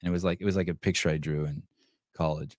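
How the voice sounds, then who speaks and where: A man's voice: low-pitched, fairly even intonation, quick pace, darkish tone, no echo, clean studio sound. A man hosting a podcast, ranting crudely and mocking people in whiny voices. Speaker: podcast host. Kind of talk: crude comedic rant to live chat.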